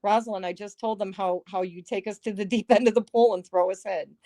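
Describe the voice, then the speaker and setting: A woman's voice: medium pitch, fairly even intonation, brisk, mellow, dry recording. A woman hosting a casual livestream, chatty and sarcastic, often breaking into laughter, talking into a phone microphone. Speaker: livestream host. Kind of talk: casual live-stream chat.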